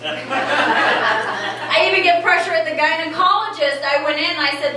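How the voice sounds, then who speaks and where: A woman in her late thirties doing stand-up in a wry, chatty way, peppering her talk with "like." Her voice sits fairly high. She is heard from far off in a very echoey club, with noise clearly present behind her. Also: animated, moderate pace. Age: late 30s. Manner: wry, conversational, many "like"s. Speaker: stand-up comedian. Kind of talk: stand-up comedy set. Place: comedy club stage.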